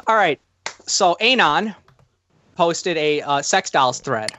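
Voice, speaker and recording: A man's voice: a little high, animated, takes it slowly, sharp tone. A man hosting a casual podcast chat who stammers and repeats words as he starts a point, and sometimes reads forum posts aloud. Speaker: podcast host.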